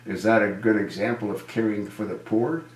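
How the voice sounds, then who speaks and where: Indignant low-voiced man, echoey room. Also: fairly even intonation, moderate pace. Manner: indignant, rhetorical questions. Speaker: video commentator. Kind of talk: political commentary monologue.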